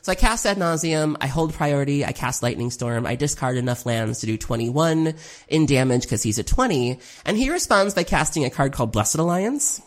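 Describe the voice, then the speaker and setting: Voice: mid-range voice, expressive, moderate pace. A card game player giving a casual spoken recap of a tournament, rambling with lots of "um"s, now and then swearing, and openly critical of their own mistakes. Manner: rambling, self-critical, frequent ums, occasional swearing.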